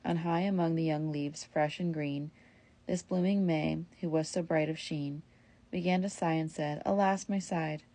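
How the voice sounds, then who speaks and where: A woman reading an old verse tale aloud in a steady, measured storytelling manner. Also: deep voice. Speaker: reader.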